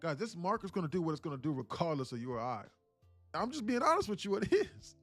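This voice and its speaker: Blunt casual male streamer, fairly high voice, faint music underneath. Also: big pitch swings, fast, a bit bright, no room sound. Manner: emphatic, blunt, keeps calling out to viewers; casual with swearing. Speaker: day trading streamer. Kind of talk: live-stream coaching talk.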